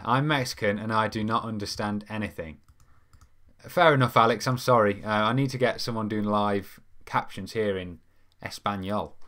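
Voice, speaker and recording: Young man hosting a live stream, lower voice, casual and rambling. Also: a bit bright. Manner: chatty, rambling with many ums and restarts. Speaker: football fan show host. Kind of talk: casual live-stream chat reading comments.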